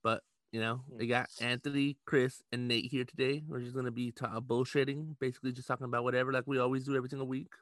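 A man's voice: mid-range voice, little pitch movement, fast talker, few pauses, fairly bright tone, no room sound, studio quality. A young man from Los Angeles hosting a podcast, chatting loosely, laughing and swearing freely. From Los Angeles, USA. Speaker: podcast host. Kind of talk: casual chat.

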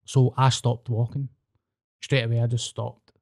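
A man's voice: medium pitch, flat delivery, measured pace, gravelly, a little mellow. A man with a Scottish accent, chatting casually and swearing as he tells personal anecdotes. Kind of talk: casual chat, storytelling.

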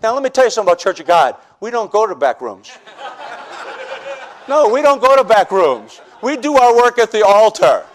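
Speaking at normal speed in a voice that sits high, a northern U.S. pastor preaches his personal testimony. He tells it with lively jokes and acts out the scenes.

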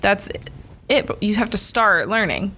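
A woman in her thirties, a salon owner and hairstylist, telling a story in casual chat and acting out the quoted dialogue with lively energy. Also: mid-range voice, measured pace, slight background noise. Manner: animated, acts out quoted dialogue.

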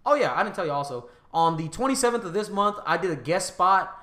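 A man's voice: high-pitched, lively intonation, fast, pushed and bright, roomy sound. A man with a Southern US accent, hosting a podcast, talking casually in a bold, emphatic, profane way. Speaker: podcast host. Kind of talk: casual chat.

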